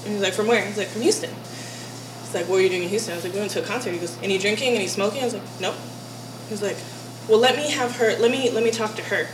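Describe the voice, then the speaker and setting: A woman's voice: mid-range voice, rapid-fire. Young woman from texas, casual storytelling, laughs a lot, roomy echo, background noise. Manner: animated storyteller, laughs often, swears freely. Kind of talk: casual podcast chat, storytelling. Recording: echoey room with background noise.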